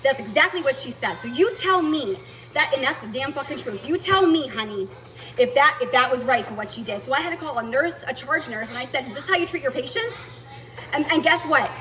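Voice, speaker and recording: A woman's voice: high voice, animated, a little fast, pushed and bright, low-quality recording. A woman venting to viewers in a blunt, indignant storytelling rant, swearing as she goes. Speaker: vlogger telling a personal story.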